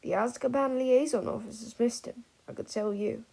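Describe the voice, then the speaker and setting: A woman's voice: a little high, normal speed, creaky, a little mellow. A woman reading an audiobook, voicing a drunk, rambling old wizard man who slurs and blusters. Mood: blustering. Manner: slurring, blustering.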